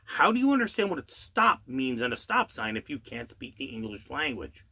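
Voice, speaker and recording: Guy ranting slow and sarcastic, bright voice that jumps all over in pitch. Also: big pitch swings, breathy edge. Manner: angry, sarcastic rant with rhetorical questions and swearing; drawls some words slowly for emphasis. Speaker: channel host. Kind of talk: ranting monologue.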